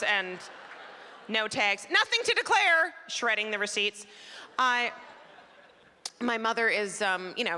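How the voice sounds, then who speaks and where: A Canadian comedian in her forties does a chatty, self-deprecating stand-up set on a theater stage, teasing the crowd in a mid-range, sharp, clean voice. It's a live theater recording with long hall reverb and faint crowd noise.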